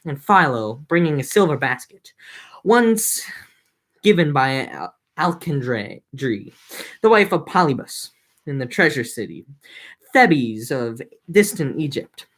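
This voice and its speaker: Young woman, low-ish voice, casual reader who drops into slangy jokes. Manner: mixes reading with joking slangy recaps. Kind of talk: casual reading with comic summaries.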